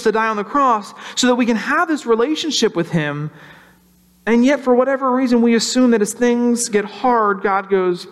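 A man preaching a sermon in a conversational way, slowing down to stress key lines and briefly acting out anxious voices. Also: high-pitched. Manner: conversational, acts out worried voices, slows for emphasis. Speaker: pastor.

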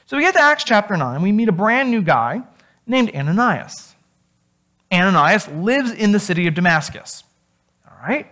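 A pastor delivering a sermon like a story told among friends, casual and vivid. The voice is lively and expressive, rising and falling widely as the pastor builds each point. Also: medium pitch, moderate pace. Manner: conversational, animated storytelling.

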